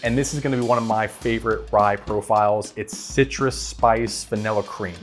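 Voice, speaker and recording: A man with a lowish voice speaks at a moderate pace, hosting a whiskey channel and offering casual bottle picks to camera. He is relaxed, repeats words and often asks "right?", with faint guitar music behind him.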